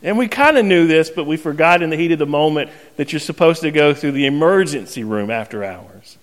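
Animated pastor telling a story in a reverberant hall. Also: male voice, on the high side, brisk. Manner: animated, self-mocking storyteller who acts out scenes. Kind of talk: storytelling sermon. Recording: long reverb of a large hall.

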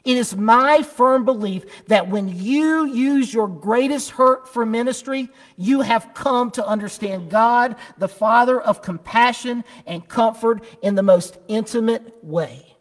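A preacher with a high voice delivers his sermon slowly, leaning hard on his key words. He tells his story in the same deliberate way. A long church reverb carries his voice around the room. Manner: slow, deliberate and emphatic.

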